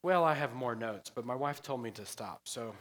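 Joking pastor in a reverberant church. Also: male voice, mid-range voice, animated, normal speed, a bit bright. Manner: chatty, joking asides, laughs often. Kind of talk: sermon. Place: church sanctuary.

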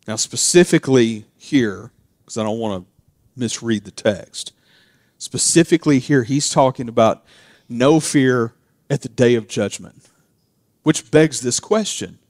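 A man preaching a casual sermon. He drifts into quiet, chatty asides and then builds to loud, emphatic peaks. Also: mid-range voice, unhurried, dry recording, studio quality. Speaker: pastor.

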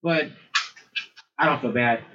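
A man's voice: medium pitch, slow. A man co-hosting a casual podcast chat, joking bluntly in slangy talk. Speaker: podcast co-host. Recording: dull lo-fi recording with crowd noise behind.

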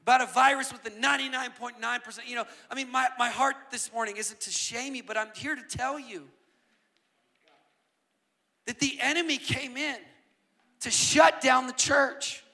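A man preaching a passionate sermon as a guest speaker, building from quiet asides up to shouting. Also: very high voice, fairly even intonation, moderate pace, vocal fry. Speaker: guest preacher and worship leader.

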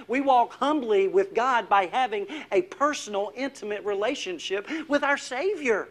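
A man preaching a sermon as pastor, putting questions to the congregation and dropping to a hush on key words. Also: high-pitched, moderate pace, hardly any pauses, a little hiss or hum. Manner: asks the congregation questions, drops to a hushed voice for emphasis.

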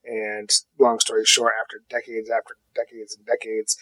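A man co-hosting a podcast from his basement at home, laid-back and deadpan. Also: lowish voice, normal speed, dry recording, low-quality recording. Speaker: podcast co-host. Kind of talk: casual podcast chat.

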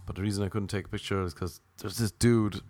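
A man's voice: lowish voice, fairly even intonation, fast, darkish tone, no room sound. A young Irish man with an Irish accent, rambling through a loose comic monologue and drifting off on tangents. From Ireland. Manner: loose, jokey, goes off on tangents. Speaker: comedian.

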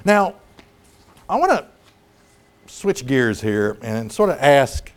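A man preaching a sermon, animated and dramatic, acting out scripture scenes as he talks. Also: medium pitch, slow.

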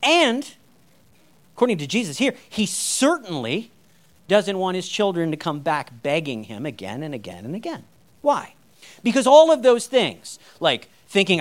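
High-voiced man preaching a casual sermon. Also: big pitch swings, normal speed, a bit bright. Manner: conversational, with wry humorous asides. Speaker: pastor.

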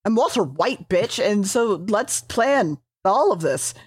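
A woman's voice: mid-range voice, sing-song, slow pace, husky, exaggerated voice. A woman voicing a defiant princess in a tabletop game recap, offhand and swearing.

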